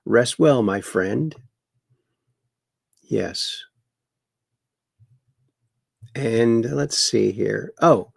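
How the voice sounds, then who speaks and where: A man's voice: medium pitch, drawn-out words, gravelly, pauses often, breathy edge, dry recording, clean studio sound. A man hosting a livestream, reading viewer chat aloud and mocking the news with chuckles. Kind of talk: casual political commentary livestream. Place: home in Wisconsin.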